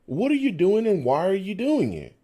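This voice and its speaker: A man's voice: sits high, wildly swooping pitch, normal speed, mellow. A man hosting a live fan stream, reacting to a football game, venting his frustration and reading out chat messages. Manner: exasperated, venting, reads chat aloud. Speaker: fan livestream host.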